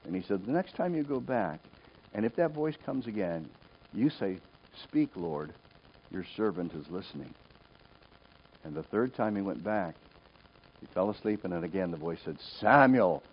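A man's voice: fairly low pitch, brisk, slight background noise. A middle-aged male pastor preaching a sermon, telling a personal story and acting out the voices in it. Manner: animated storytelling, acts out quoted voices. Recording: dull lo-fi recording.

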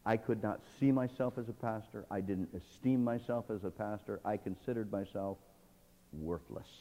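A male pastor preaching a sermon, swinging between hushed and loud, dramatic delivery. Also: on the low side, normal speed, big-room sound.

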